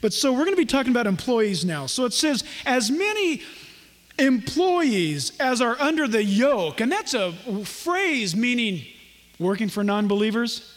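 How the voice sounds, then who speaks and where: A man's voice: very high-pitched, sing-song, a little slow, a bit bright, in a large hall. A man preaching a sermon as pastor, folksy and joking, acting out little dialogues. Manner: folksy, jokey asides, acts out little dialogues.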